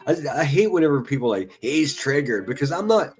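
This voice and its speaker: A man's voice: on the high side, sing-song, quick pace, a little mellow. A man giving profane, taunting live-stream commentary, laughing often as he mocks. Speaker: livestream commentator.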